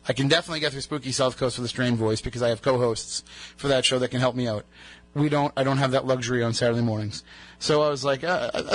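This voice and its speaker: A man hosting a radio show, telling rambling stories in casual banter, his voice just back from being lost. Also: mid-range voice. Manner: chatty, rambling storyteller. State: recovering from a lost voice.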